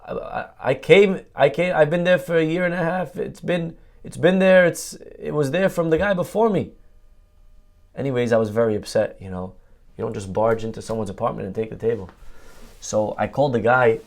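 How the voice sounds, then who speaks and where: A middle-aged man giving a sermon as a rabbi, telling a personal story in an animated, conversational way. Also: medium pitch, fairly quick.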